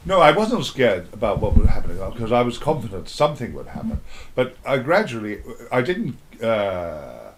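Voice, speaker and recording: A man's voice: mid-range voice, huge pitch swings, normal speed, slight background noise. An older man being interviewed, telling rambling, playful stories with sudden dramatic outbursts. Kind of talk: casual interview chat.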